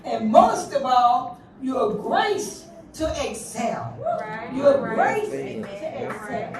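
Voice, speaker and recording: Older woman preacher, high voice, slow fervent delivery, distant echoey church with congregation. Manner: fervent, call-and-response preaching, breaks into song. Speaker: church speaker leading prayer. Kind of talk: sermon and fervent prayer. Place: church sanctuary. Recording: echoey church hall miked from afar with crowd.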